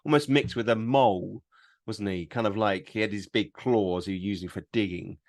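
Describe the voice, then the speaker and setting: A man's voice: fairly low pitch, normal speed, no echo, studio quality. A man, co-hosting a casual review chat, chatty and agreeable. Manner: chatty, agreeable, laughs often. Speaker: show co-host.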